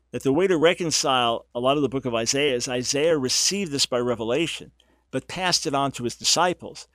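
Male talk radio host, mid pitch, animated and emphatic, dry close studio mic. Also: dry recording. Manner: emphatic and animated, stressing key words. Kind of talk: radio talk show monologue. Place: radio studio, audio only.

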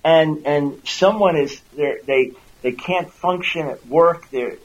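A man's voice: fairly high pitch, slow pace, lo-fi sound. A man hosting a radio talk show, earnestly teaching listeners and repeating words as he builds each point. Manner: acts out quoted speech in a raised voice. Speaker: radio host and Christian apologist.

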